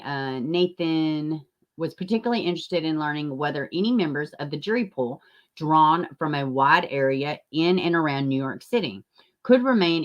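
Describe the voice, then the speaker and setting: A woman's voice: low voice, muffled recording. A woman hosting a true crime livestream, chatting casually and reading viewer comments, blunt and profane, flaring into heated rants.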